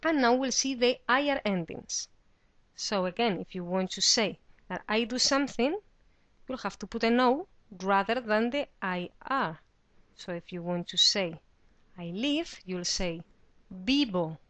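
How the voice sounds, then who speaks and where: Woman language teacher, slow deliberate delivery, dry close sound. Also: mid-range voice, lively intonation, a bit bright, dry recording. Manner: deliberate, careful pronunciation of example words. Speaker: Spanish teacher. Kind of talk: slow, clear teaching explanation.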